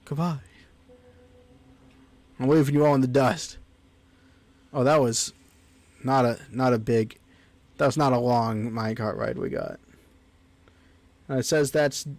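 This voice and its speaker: A man's voice: medium pitch, darkish tone, dry recording. A man streaming a game, chatting casually and reading the on-screen text aloud. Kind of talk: casual gameplay commentary.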